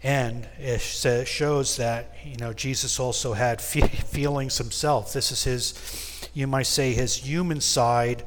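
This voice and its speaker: Man, mid-pitched, Bible study leader reading and explaining scripture, long reverb of a church hall. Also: fairly even intonation, slow pace, hardly any pauses. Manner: reads scripture aloud and explains it with casual asides.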